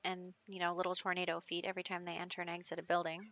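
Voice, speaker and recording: Bright-voiced woman narrating her game. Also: fairly low pitch, monotone, very fast, soft background music. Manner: chatty storytelling recap with fillers. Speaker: gaming video host. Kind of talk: casual gameplay narration.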